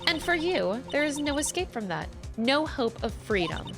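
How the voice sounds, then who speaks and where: A commanding woman lawyer spirit speaks cold and firm, played by a woman. Each word lands measured and final. Game music runs behind her. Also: high voice, sing-song.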